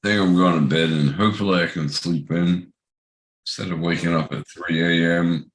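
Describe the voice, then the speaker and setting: Gruff low-voiced man with hiccups. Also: steady tone, moderate pace, echoey room. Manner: gruff, teasing, swears often. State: has the hiccups. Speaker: regular guest on the stream. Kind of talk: casual chat on a voice call.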